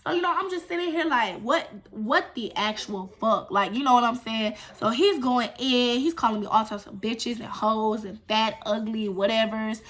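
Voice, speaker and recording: A young adult woman telling a story casually in a vlog, with animated, profane, emphatic delivery. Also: fairly high pitch, normal speed, few pauses. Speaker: storytime vlogger.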